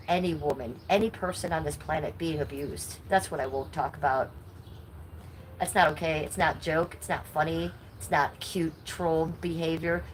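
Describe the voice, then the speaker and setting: A woman's voice: low-pitched, slight background noise, poor audio. A middle-aged woman with a nasal voice, talking bluntly and indignantly to her chat on a live stream. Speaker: livestreamer.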